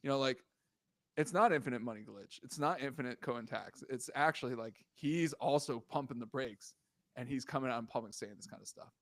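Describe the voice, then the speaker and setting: A man on a sports podcast, talking at a middling pitch into a close, dead-dry mic. He rants and swears, his exasperation building as he goes. There's no room sound at all. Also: a little fast, fairly bright tone, dry recording. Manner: ranting, swears, heated and exasperated. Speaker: podcast co-host. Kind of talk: casual sports podcast chat.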